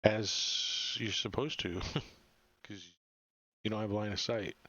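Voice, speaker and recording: A man acting as game master of a tabletop game, pausing often to check rules and what the players intend. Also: lowish voice, steady tone, sharp tone, no echo. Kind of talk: running a tabletop game over voice chat. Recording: dull lo-fi sound.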